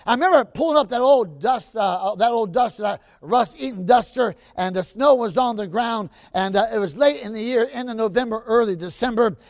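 High-voiced man preaching with shouts. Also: no echo. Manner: animated, drawn-out emphasis with sudden shouts. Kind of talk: storytelling sermon.

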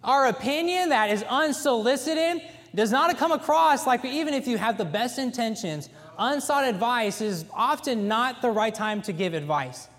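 A man in his thirties preaching a folksy sermon in a church, telling stories with animated emphasis. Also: extremely high pitch, normal speed. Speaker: pastor. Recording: echoey church hall.

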